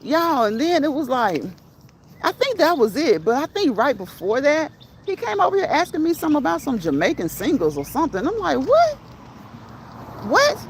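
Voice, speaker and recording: Hosting a casual livestream, a woman reads chat messages aloud, laughs often, and talks back to her viewers in quick, lively chatter. Her voice sits high, with slight background noise.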